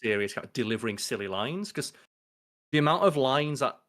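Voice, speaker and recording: Podcast co-host, lively, profane, acts out quotes in character voices. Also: male voice, medium pitch, fairly quick. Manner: animated, swears freely, acts out quoted lines. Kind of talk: casual podcast chat.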